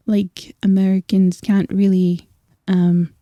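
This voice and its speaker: A woman's voice: mid-range voice, level tone, takes it slowly, dark tone, no echo, lo-fi sound. A young Scottish woman streaming, chatting casually with viewers and laughing often. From Scotland. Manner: chatty, laughing, filler-heavy.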